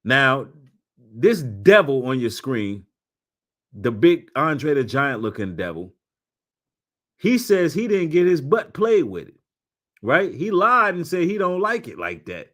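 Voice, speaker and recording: A man with a mid-pitched voice doing casual reaction commentary over video clips. He mocks what he watches and jumps from low, muttered asides to sudden loud outbursts. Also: big pitch swings, slow, long pauses.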